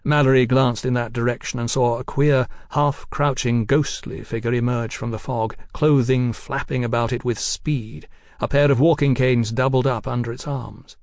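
A man narrates an audiobook in a steady, even storytelling style. His voice is medium-pitched at normal speed, recorded with clean studio sound and no room sound.

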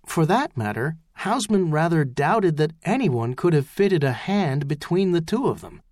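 A man giving scripted audiobook narration in an even, measured storytelling manner. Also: a little high, no echo, studio quality.

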